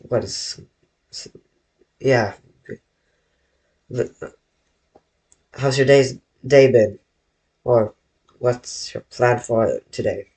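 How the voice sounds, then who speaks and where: A man's voice: medium pitch, dark tone. A man drawing on a live stream from his bedroom, rambling to his viewers and often correcting himself. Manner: slow, rambling, self-correcting, talks to chat. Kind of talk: casual live-stream chat while drawing.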